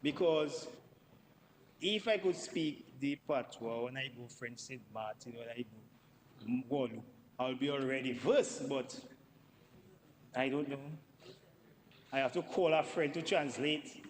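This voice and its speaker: A man's voice: medium pitch, a little slow, long pauses, long reverb tail, a little hiss or hum, low-quality recording. A man giving a parliamentary debate speech, emphatic and repeating words for stress. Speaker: member of parliament. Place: parliament chamber.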